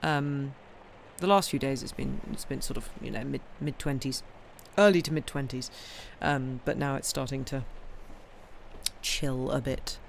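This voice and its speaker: A woman's voice: rumbling low, measured pace, gravelly, slight background noise. Lady streamer, sleepy and rambly, lots of ums, just chatting with chat at home. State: tired, yawning. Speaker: livestream host reading books aloud. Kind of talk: casual chat with viewers.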